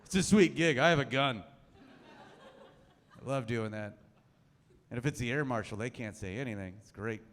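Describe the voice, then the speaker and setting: Dry, self-mocking stand-up comic. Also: male voice, medium pitch, moderate pace, pauses often, fairly bright tone, long reverb tail. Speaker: stand-up comedian. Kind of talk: stand-up comedy set. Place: comedy club stage.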